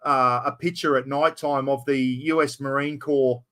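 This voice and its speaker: A man's voice: mid-range voice, fairly even intonation, moderate pace, bright, forceful tone. A middle-aged Australian man in casual chat, rambling and saying "mate" constantly.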